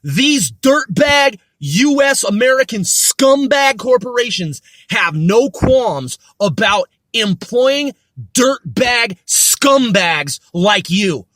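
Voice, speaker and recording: High-voiced man in a profane rant. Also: big pitch swings, takes it slowly, fairly bright tone, no room sound. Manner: profane, ranting, repetitive insults. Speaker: podcast host. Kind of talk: angry monologue rant.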